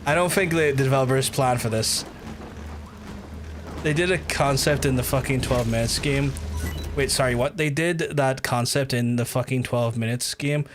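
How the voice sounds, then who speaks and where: A man's voice: mid-range voice, moderate pace. A man in a casual gaming livestream who rambles and swears often while he talks to chat. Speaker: gaming streamer. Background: game music.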